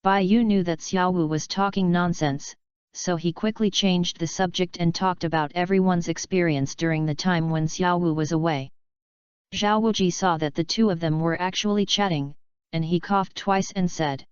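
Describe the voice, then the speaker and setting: A woman narrating a fanfiction audiobook with a steady, even reading. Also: lowish voice, moderate pace, smooth, dry recording. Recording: dull lo-fi recording.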